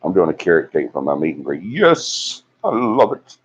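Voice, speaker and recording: A man's voice: low-pitched, very animated, normal speed, husky. A man hosting a casual livestream, reading out viewer comments and teasing them in a chatty way. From Alabama. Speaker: livestream host. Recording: dull lo-fi livestream audio.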